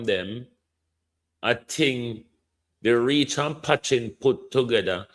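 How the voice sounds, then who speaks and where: A man's voice: medium pitch, slow pace, long pauses, fairly bright tone. A Jamaican man giving indignant political commentary, slipping between patois and standard English. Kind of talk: opinion commentary.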